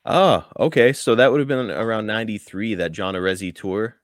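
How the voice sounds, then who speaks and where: A man's voice: lowish voice, brisk, no room sound, clean studio sound. A man co-hosting a podcast, chiming in briefly and agreeably. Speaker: podcast co-host. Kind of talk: casual interview chat.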